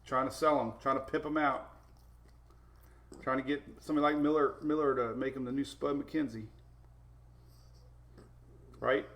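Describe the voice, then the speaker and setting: A man's voice: mid-range voice, steady tone, moderate pace, pauses often, fairly bright tone. A man hosting a casual weather live stream from home, rambling as he reads out viewer names and talks to his puppies. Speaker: weather show host.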